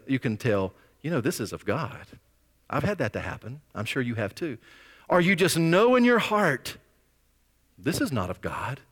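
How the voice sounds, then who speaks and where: A male pastor preaching a sermon in a conversational, animated storytelling way, with scripture readings. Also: mid-range voice, in a large hall.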